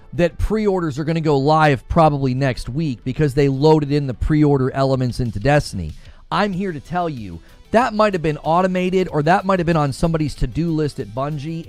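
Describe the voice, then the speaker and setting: Animated man chatting on a livestream. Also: on the high side, moderate pace, faint music behind. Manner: animated, conversational, chuckles often. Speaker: gaming livestream host. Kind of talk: casual livestream chat reading viewer comments.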